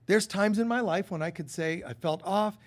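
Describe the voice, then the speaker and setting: Man, preacher, sermon, animated, higher voice, acts out quotes. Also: normal speed. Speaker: spiritual teacher. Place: church hall.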